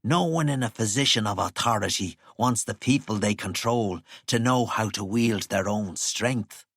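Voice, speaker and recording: A man voicing a calm, knowing man who speaks in a measured, wry way. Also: on the low side, husky, no room sound, studio quality.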